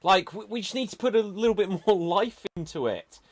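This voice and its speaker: In an improv comedy show, a man with a high, animated voice plays an exasperated director, bossy and dramatic. He talks briskly, halting and restarting scenes with calls of "cut" and "action".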